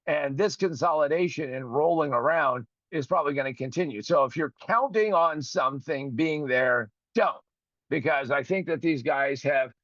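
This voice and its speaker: Still healing from a broken finger, this man rants on his own podcast with swearing and outrage, voicing both parties in a phone call. His pitch runs on the high side, with no echo.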